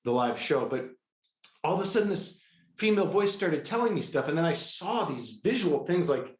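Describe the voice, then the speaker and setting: A middle-aged man telling a personal story with excitable, animated energy, often breaking into quoted dialogue. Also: a little high, moderate pace. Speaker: guest, healer. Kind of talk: storytelling in a conversational interview. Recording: echoey room.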